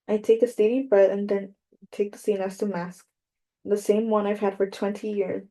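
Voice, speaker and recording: A woman giving a measured, even first-person audiobook narration. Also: mid-range voice.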